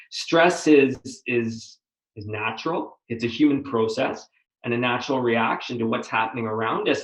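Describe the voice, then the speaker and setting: Male host, earnest and animated, mid pitch, roomy echo. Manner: earnest, animated, often restarts phrases. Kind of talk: conversational interview.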